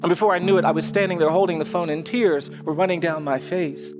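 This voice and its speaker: A lawyer telling a personal story in a public speech, with measured, repetitive rhythmic phrasing. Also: male voice, a little high, fairly even intonation. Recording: echoey hall with faint music.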